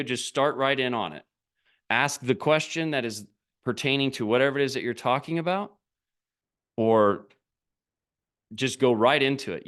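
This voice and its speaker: A man giving a business coaching talk straight to camera, urging his viewers and firing off rhetorical questions. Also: mid-range voice. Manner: animated, urging, asks many rhetorical questions.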